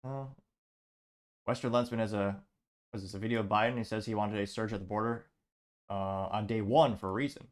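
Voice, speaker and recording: A man's voice: on the low side, fairly even intonation, brisk, pauses often. A man hosting a show, reading social media posts aloud and adding wry asides. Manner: reads comments out, adds wry asides. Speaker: host.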